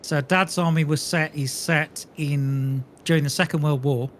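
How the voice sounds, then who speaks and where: A man's voice: on the high side, steady tone, measured pace, fairly bright tone, slight background noise. A man chatting casually while playing a game, explaining things at length with plenty of fillers. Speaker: co-op gamer and streamer. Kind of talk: casual gaming chat.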